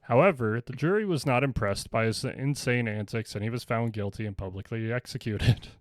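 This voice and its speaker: A man co-hosting a casual podcast, reading out trivia facts in a measured way. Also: medium pitch, no echo, clean studio sound. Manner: reads facts in a measured way, laughs along. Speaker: podcast co-host.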